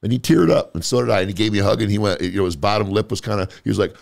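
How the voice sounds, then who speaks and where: A man's voice: on the low side, animated, very fast, gravelly, hardly any pauses, a little mellow, no room sound, studio quality. A man hosting an interview show, telling stories animatedly and swearing freely. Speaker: podcast host. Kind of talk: casual interview chat.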